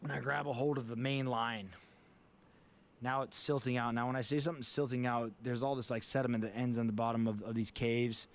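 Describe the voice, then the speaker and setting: A man's voice: medium pitch, steady tone, fairly quick. A man, a guest on a casual talk show, telling a vivid story in plain words and swearing often.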